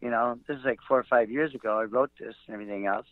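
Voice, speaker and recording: A man's voice: medium pitch, dry recording. Man telling stories over a tinny line. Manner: halting, many fillers and restarts, acts out quotes. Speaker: guest, comedian and author. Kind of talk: rambling anecdotal storytelling. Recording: tinny phone-like line, dry.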